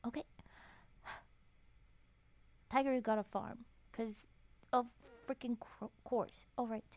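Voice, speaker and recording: A woman's voice: a little high, fairly even intonation, takes it slowly, dry recording. A woman streamer reading folktales aloud on a casual stream, breaking off often to chat and joke. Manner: chatty, swears and laughs, interrupts the reading with comments.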